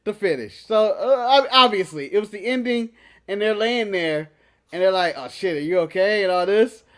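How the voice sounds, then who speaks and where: A man co-hosting a casual wrestling recap, animated and jokey, often laughing and slipping into mock voices. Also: high-pitched, normal speed. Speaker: podcast co-host.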